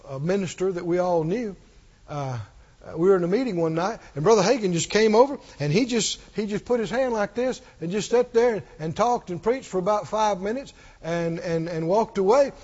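A man's voice: high-pitched, moderate pace, darkish tone. A man preaching a sermon with emphasis, often firing questions at the congregation. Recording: dull lo-fi recording.

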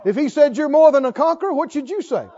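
High-voiced older preacher, emphatic. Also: male voice, animated, quick pace, dull audio. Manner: emphatic, repeats call-and-response questions, swings between loud and soft. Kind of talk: sermon.

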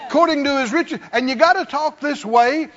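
This pastor's sermon has him addressing the congregation and voicing complainers in a church sanctuary. A very high, fairly bright voice moves a little fast, and the recording is dull with long hall reverb.

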